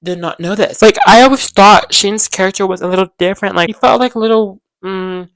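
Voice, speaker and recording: Young adult host, excitable fan-chat delivery, middle-pitched, dry close sound. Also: a little fast, no room sound, rough recording. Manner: gushing, excitable, heavy filler use. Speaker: podcast host. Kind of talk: casual show recap to viewers.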